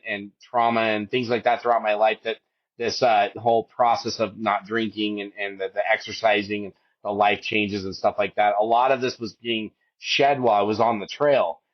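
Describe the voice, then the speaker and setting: A man of about fifty, a podcast guest, telling a hike story with emotion, rambling through many restarts. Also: dull audio. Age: 50s. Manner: rambling, with many restarts, and raises his voice high to quote his wife.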